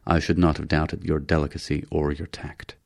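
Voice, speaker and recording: A man voicing a polite but menacing male alien leader in a science fiction audiobook, speaking with smooth courtesy. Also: rumbling low, level tone, moderate pace, dry recording, studio quality, pitched below the performer's own voice.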